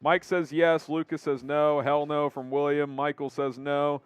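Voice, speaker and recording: A man hosting a live sports show, quickly reading viewer names and comments aloud in an upbeat way. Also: on the high side, level tone, clear, resonant tone, dry recording, faint music behind.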